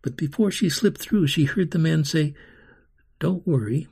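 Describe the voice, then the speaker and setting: A man reading a story aloud in a slow, rhythmic, expressive way, voicing sound effects himself. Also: on the high side, gravelly, husky.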